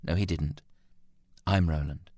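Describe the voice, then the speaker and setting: Calm, gentle grown son, deep and dry, read by a male narrator. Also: no room sound. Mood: pleading. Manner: quiet, soothing, measured.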